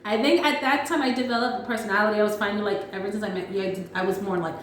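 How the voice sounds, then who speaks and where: A young woman talks casually with a friend, breaking into laughter and lively quoted voices. Her voice sits in the middle of her range, and an echoey room with faint noise surrounds it. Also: mid-range voice, rapid-fire. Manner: laughs often, animated quoting. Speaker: podcast host. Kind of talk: casual chat.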